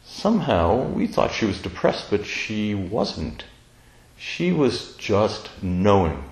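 Deep-voiced man, tender and reflective. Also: sing-song, slow pace, echoey room, rough recording. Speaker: speaker sharing a personal story. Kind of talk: reflective personal storytelling.

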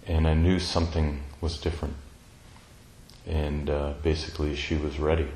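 Deep-voiced man, tender and reflective. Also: little pitch movement, normal speed, a little mellow, reverberant, a little hiss or hum, rough recording. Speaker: speaker sharing a personal story. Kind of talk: reflective personal storytelling.

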